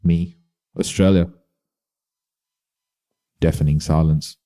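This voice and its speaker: A man from Bahrain narrates a documentary-style podcast in a measured, dry voice. His pitch sits very low, and the tone is extremely dark and mellow. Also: fairly even intonation. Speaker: podcast host.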